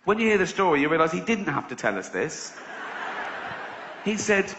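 A middle-aged Englishman does a stand-up routine with a fairly high, gravelly voice, very animated but at normal speed, leaving long pauses. He's conversational, swears freely and often laughs at his own jokes, recorded in an echoey, dull live venue with a noisy background.

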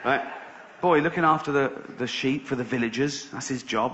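A man's voice: medium pitch, moderate pace, a bit bright. A man doing stand-up, telling a rambling, sweary story with sarcastic asides. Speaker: stand-up comedian. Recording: slightly dull live recording.

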